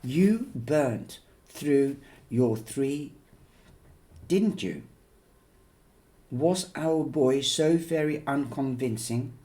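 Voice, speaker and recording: A man's voice: mid-range voice, expressive, very slow, long pauses, mellow. A man doing a genteel, condescending middle-aged lady. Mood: sweetly patronizing. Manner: sweetly condescending, talks as if to a child. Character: genteel middle-aged woman, patronizing, old-film manner.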